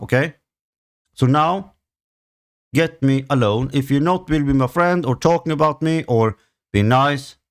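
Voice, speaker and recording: A man with a Swedish accent talks slowly through a solo podcast rant. He is plainly frustrated and swears freely, stopping and restarting with lots of fillers. His pitch sits in an ordinary middle range for a man. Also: clean tone. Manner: halting, heavy swearing, many fillers. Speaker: channel host. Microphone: home recording setup.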